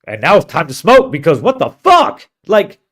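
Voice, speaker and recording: A man's voice: fairly high pitch, huge pitch swings, moderate pace, fairly bright tone. A man on a podcast telling a long, profane road-trip story in casual chat. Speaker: podcast co-host.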